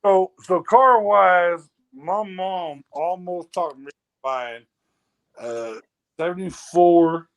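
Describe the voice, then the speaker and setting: A man's voice: high voice, slow. A man talking in loose, profane banter, rambling and hesitating as he tries to recall things. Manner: rambling, swears a lot, hesitant.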